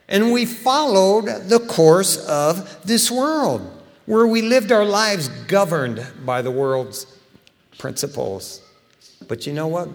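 A middle-aged man preaching a sermon in a casual, animated storytelling way, acting out quotes. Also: a little high, big-room sound. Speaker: pastor.

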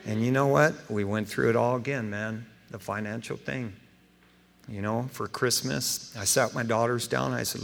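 Gravelly, bright-voiced man preaching. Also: mid-range voice, normal speed. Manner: folksy, animated storytelling, acts out dialogue. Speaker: pastor. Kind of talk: sermon. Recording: long hall reverb.

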